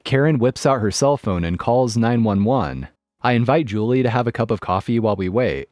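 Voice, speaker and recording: A man narrating a written story in a steady scripted read. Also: mid-range voice, fairly quick, dry recording, studio quality, soft background music.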